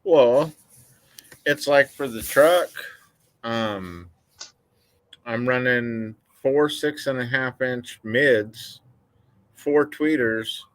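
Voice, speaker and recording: A man's voice: mid-range voice, a bit bright, dry recording. A man joining a casual live-stream chat as a guest, laid-back and matter-of-fact about technical details.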